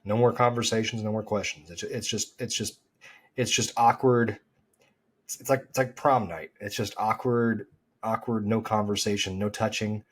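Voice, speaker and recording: Man, husky voice, lowish pitch, casual golf podcast chat, animated and rambling. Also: moderate pace.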